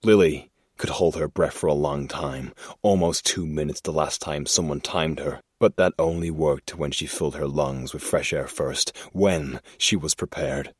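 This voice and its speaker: A man narrating a crime thriller audiobook in a measured, deliberate storytelling manner. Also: rumbling low, breathy edge, no room sound, clean studio sound.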